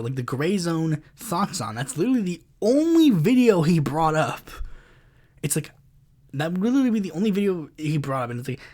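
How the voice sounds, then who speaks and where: A man's voice: on the high side, a little mellow. A man hosting a podcast, ranting casually and sarcastically, exasperated, filling his talk with "like" and "it's like". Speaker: podcast host.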